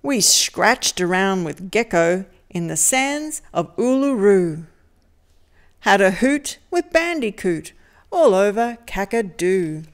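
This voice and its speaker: A woman reading a picture book aloud to children in a lively, sing-song storytelling manner. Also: medium pitch, slow pace.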